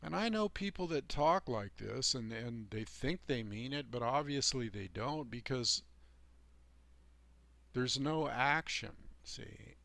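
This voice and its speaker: A man's voice: medium pitch, animated, measured pace, gravelly, few pauses, fairly bright tone, no room sound. A man hosting his own channel, delivering a rambling, preachy monologue in an emphatic, folksy way with sarcastic asides. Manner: emphatic and folksy, heavy on "you know" and "man". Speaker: channel host giving life advice.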